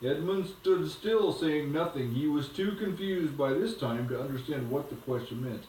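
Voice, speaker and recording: A man reading a storybook aloud to a child at home, in a gentle, unhurried way. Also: on the high side, expressive, slight background noise. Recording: echoey room from a distance.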